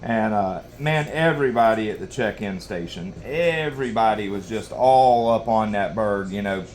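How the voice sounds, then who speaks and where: A man's voice: on the low side, normal speed. Rambling man telling a hunting story. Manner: rambling, folksy, lots of you-knows and restarts. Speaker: knife sharpening channel host. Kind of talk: casual storytelling while sharpening.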